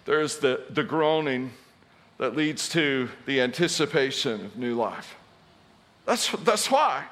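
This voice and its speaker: A man's voice: medium pitch, lively intonation, slow pace, fairly bright tone. A middle-aged man preaching a sermon, telling funny self-deprecating stories before turning to scripture. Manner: storytelling, self-deprecating humor. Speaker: pastor.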